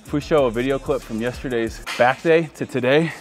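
Over loud gym music, a man vlogs his tiring leg workout in a brisk, medium-pitched voice. He's a fitness vlogger, clearly worn out, and keeps the casual chat going with jokes at his own expense.

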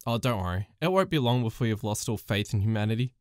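A woman voicing a jaded, cynical female coworker in a flat, ominous low tone. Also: fast talker, dry recording, studio quality.

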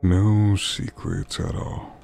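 A man's voice: deep voice, little pitch movement, takes it slowly, vocal fry, mellow, faint music behind. A man giving wry, joking let's play commentary on a game, often muttering asides to himself. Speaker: gamer playing a horror game.

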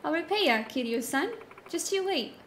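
A woman's voice: very high-pitched, expressive, normal speed, fairly bright tone, a little hiss or hum. A woman reading a bold, cheeky young woman's game lines. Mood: grateful.

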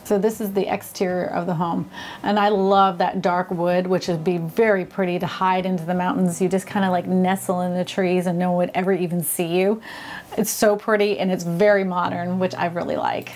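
A woman's voice: on the low side, steady tone, normal speed, a little mellow, slight background noise. A woman hosting a casual vlog, touring homes with gushing, enthusiastic commentary and frequent exclamations. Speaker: vlog host. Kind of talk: casual home tour commentary.

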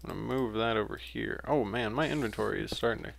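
A man's voice: fairly low pitch, quick pace, vocal fry, slight background noise. A young man giving casual, rambling commentary while playing a game, with frequent fillers and self-corrections. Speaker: let's play gamer.

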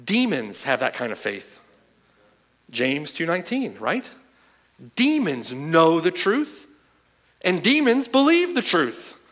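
A man delivers a sermon from the pulpit in a high, bright voice that leaps and falls with emphasis. He drives home each point and checks with his listeners as he goes. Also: huge pitch swings, takes it slowly, long pauses. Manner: emphatic, asks the hearers "right?" and "okay?" often. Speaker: pastor. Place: church sanctuary.

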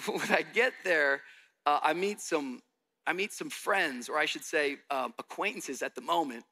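Bright-voiced pastor telling a story. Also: male voice, fairly high pitch, moderate pace. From Miami. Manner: animated storytelling, acts out dialogue. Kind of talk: sermon.

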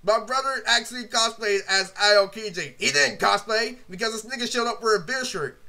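Young man, high voice, very sharp and tense tone, casual vlog rant, rambling, constant swearing, filler words. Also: a little fast, gravelly. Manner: animated, breaks into laughter and quoted impressions. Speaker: vlogger. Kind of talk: casual profane storytelling rant.

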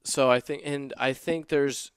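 A man speaking as a podcast guest in casual conversation, reflective and earnest, pausing often with fillers and restarts. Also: mid-range voice, steady tone, clean tone, no echo, clean studio sound. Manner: halting, with many fillers and restarts. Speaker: guest, stand-up comedian.

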